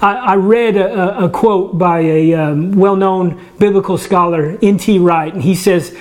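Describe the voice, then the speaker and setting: A man's voice: high voice, a little slow. A man who leads a church ministry, giving a casual sermon from his own home. He talks in a conversational way, often restarts words and jokes about himself. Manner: conversational, restarts words, self-deprecating humor.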